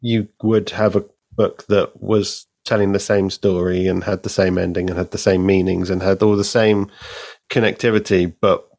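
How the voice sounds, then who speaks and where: A man with a very low voice joins a podcast as a guest. He speaks in a measured, thoughtful way and stretches his phrases as he works through his ideas. The recording is dry and close. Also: flat delivery, vocal fry, a little mellow, dry recording. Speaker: podcast guest, co-host of another show. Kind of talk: casual chat about comics.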